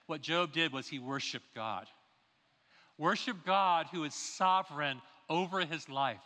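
A male pastor preaches with a high, bright, forceful voice, driving his points home with rhetorical questions. His words ring out through a church sanctuary with a long, lingering reverb. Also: a little slow. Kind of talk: sermon. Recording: long reverb of a large hall.

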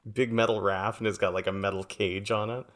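A man's voice: lowish voice, flat delivery, measured pace, a bit bright. A man co-hosting, chatting casually about the game with loose fillers.

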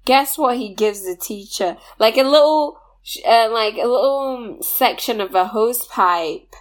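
A woman in casual chat, telling a school story in an expressive way and laughing often. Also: fairly high pitch, unhurried.

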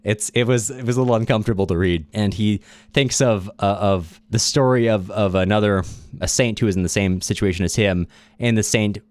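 Low-voiced man retelling a book. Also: a little fast, dry recording. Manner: animated storytelling, laughs often. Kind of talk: casual book recap.

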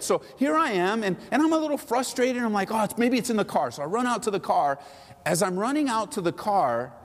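Man preaching a sermon in a reverberant hall. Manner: impassioned preaching, swinging between soaring high phrases and low quiet asides. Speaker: pastor.

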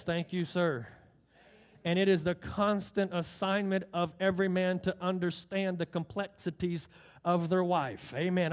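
A man preaching a sermon, emphatic, drawing out key phrases and asking the congregation questions. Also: sits high. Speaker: pastor.

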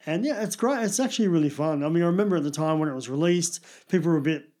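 Chatty man, slightly high voice. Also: racing, a little mellow. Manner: chatty, rambling, self-deprecating. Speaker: podcast co-host. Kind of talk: casual chat about TV and movies.

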